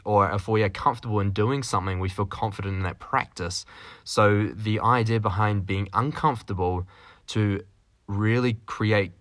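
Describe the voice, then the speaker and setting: Man, podcast host, rambling solo talk, jokey, lowish pitch, dry close sound. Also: fairly bright tone, dry recording. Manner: rambling, with many fillers and restarts; jokey, with mild swearing.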